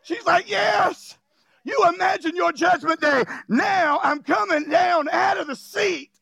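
A male pastor delivers a fervent revival sermon in a strikingly high, gravelly voice. He often breaks into shouts and cries, then drops into jokes in loose, casual grammar. The recording is dry and close, with no room echo. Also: measured pace. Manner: jokes and laughs with the congregation.

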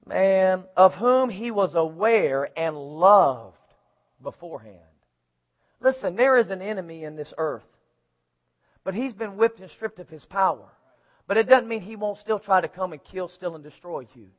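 A man with a very high voice preaches an emphatic sermon, calling back and forth with his congregation. The church recording sounds muffled and lo-fi. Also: expressive, normal speed. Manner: emphatic preaching with call-and-response.

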